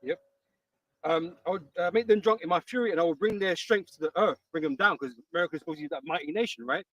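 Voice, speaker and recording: A man reading scripture aloud with some halting, supporting a street preacher outdoors, heard from a distance. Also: a little high.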